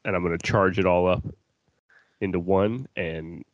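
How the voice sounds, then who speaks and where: Low-voiced male podcast co-host, laughy and crude, dry close sound. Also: fairly even intonation, normal speed, dry recording, lo-fi sound. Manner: laughs often, stammering restarts, swears. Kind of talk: casual crude chat.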